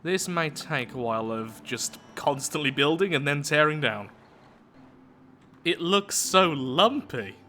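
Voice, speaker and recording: Guy doing let's play commentary, bright voice, bouncy up and down, kinda joking at himself. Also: fairly high pitch, lively intonation, measured pace, a little hiss or hum. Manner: self-mocking, chatty, thinking aloud. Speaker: let's play gameplay host. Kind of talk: casual gameplay commentary.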